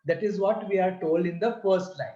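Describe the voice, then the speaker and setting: A man giving a slow, deliberate lesson that explains a prayer and breaks its words into syllables. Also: sits high, mellow. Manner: deliberate, repeats and spells out syllables. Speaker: religious teacher. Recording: roomy, slightly dull sound.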